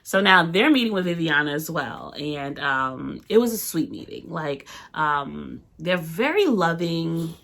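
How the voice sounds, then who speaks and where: A young woman with a low voice co-hosts a relaxed chat. She talks in a loose, chatty way, full of fillers, and laughs often. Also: a little slow, creaky, hardly any pauses. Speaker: co-host. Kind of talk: casual chat.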